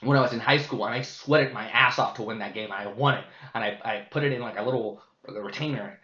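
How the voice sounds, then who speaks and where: A man's voice: mid-range voice, fairly quick, bright, forceful tone. A man hosting a casual vlogcast, talking in a candid, profane, rambling way, full of fillers and restarts. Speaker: vlogcast host. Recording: roomy, slightly dull sound.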